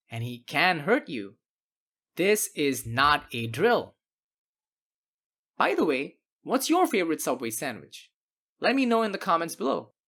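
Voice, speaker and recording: A woman narrating animated internet stories with wry, sarcastic asides. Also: low voice. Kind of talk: scripted storytime narration.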